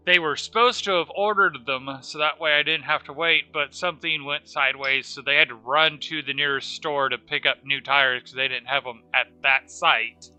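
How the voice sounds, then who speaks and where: A man's voice: a little high, bright, forceful tone, smooth. A man streaming a game live, chatting casually and thinking aloud as he plays. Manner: thinks aloud while playing, chatty asides. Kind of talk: casual live-stream chat while playing.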